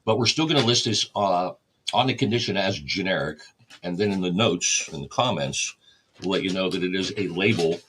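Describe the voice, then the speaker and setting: A man's voice: deep voice, expressive, fairly quick, a bit bright, a little hiss or hum. A man hosting a record store livestream, casually explaining each step while he catalogs vinyl. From United States.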